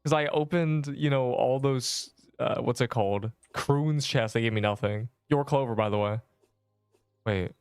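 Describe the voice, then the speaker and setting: A young male streamer talks casually over his game, slangy and jokey, sometimes yelling in mock panic. His voice is smooth and close, in a dry room with faint game music underneath. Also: medium pitch, measured pace, dry recording. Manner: joking, mock-dramatic outbursts, slangy. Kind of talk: casual livestream chat while gaming.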